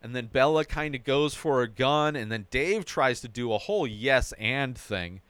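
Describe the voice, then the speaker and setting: A man hosts a podcast and retells a TV episode in a loose, animated storytelling style, checking in with the listener with quick "right?" asides. His voice is smooth and resonant, and his pitch sits in the middle for a man. The recording is dry and close, with no room sound. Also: no echo. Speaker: podcast host. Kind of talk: casual episode recap.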